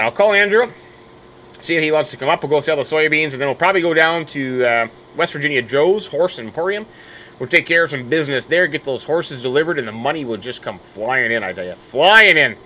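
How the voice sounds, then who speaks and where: A man's voice: mid-range voice, sharp tone. A middle-aged man, chatting casually and upbeat while commenting on his own game. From United States. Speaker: host.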